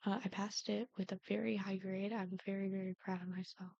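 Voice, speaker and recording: A woman's voice: medium pitch, level tone, fairly quick, vocal fry, warm tone, no echo. A young woman YouTuber chatting casually over gameplay, rambling with frequent ums. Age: young adult. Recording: dull lo-fi dry sound.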